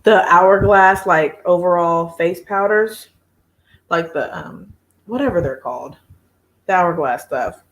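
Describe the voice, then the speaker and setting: A woman's voice: fairly low pitch, slow, a bit bright. A woman, hosting a casual beauty live chat, chatty and laughing often as she reads viewer comments.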